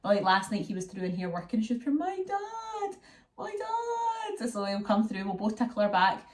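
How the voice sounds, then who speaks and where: A woman's voice: medium pitch, little pitch movement, fast talker. A young Scottish woman vlogging in casual, rambling chat to her viewers, using local slang.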